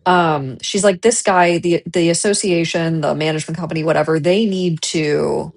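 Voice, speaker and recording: Young adult woman, casual streamer; lowish voice; animated storytelling, trips over her words. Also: moderate pace, gravelly. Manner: animated retelling with repeated restarts.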